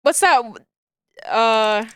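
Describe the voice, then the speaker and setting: A woman's voice: a little high, expressive, extremely slow, fairly bright tone, clear, resonant tone, dry recording, clean studio sound. A woman streamer chatting casually with her viewers, rambling, giggling often and searching for words.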